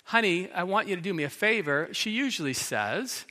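A man's voice: sits high, expressive, moderate pace, bright, forceful tone. A middle-aged man preaching a sermon, telling the story dramatically and acting out the quoted lines. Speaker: pastor. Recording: long hall reverb.

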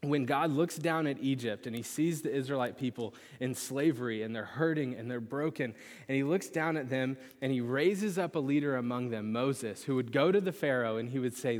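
A young man preaching a sermon, telling a lively personal story with animated pitch swings before turning to scripture. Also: normal speed. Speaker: pastor. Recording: long reverb of a large hall.

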